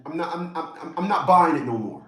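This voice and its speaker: A man ranting in a commentary vlog, animated and mocking, repeating himself for emphasis. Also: on the high side, a little fast. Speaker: YouTube commentator. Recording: roomy echo.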